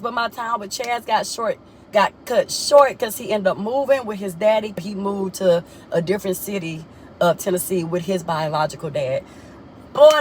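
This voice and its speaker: A young woman telling a personal story in a casual vlog, animated and colloquial, repeating herself and talking straight to viewers. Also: slight background noise. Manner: animated, expressive, often jumps high in pitch when excited. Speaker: vlogger.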